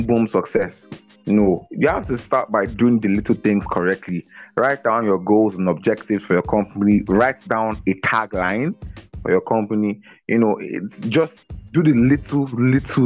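A lively young man talks over a video call, his voice sitting fairly low. He is upbeat and restless, circling back on his own words and breaking into laughs. Soft music plays faintly underneath. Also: moderate pace. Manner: energetic, repeats words, laughs often. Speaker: guest on a business podcast. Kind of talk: casual interview talk.

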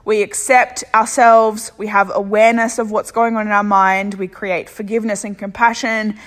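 A woman's voice: mid-range voice, little pitch movement, moderate pace, long reverb tail. A young Australian woman hosting a solo self-help podcast, talking bluntly and motivationally and swearing freely. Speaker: podcast host.

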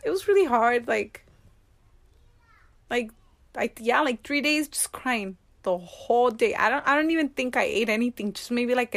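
A woman's voice: a little high, creaky, fairly bright tone, no room sound. Emotional bilingual woman. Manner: emotional, switches between English and Spanish. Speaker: guest. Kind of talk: personal interview conversation.

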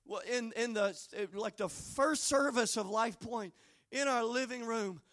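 A man preaching a sermon as pastor, telling folksy, joking stories that build into fervent, shouted exhortation. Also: extremely high pitch, unhurried. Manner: folksy, humorous asides.

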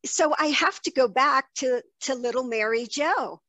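A woman's voice: high voice, a little slow, a bit bright, no echo. A woman hosting an interview show, asking eager, probing questions. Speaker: podcast host.

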